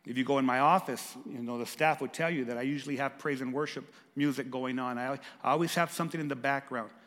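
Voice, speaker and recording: A pastor preaching a sermon, swinging from raised, emphatic lines to hushed, soft ones. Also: male voice, medium pitch, fairly even intonation, fast talker, big-room sound.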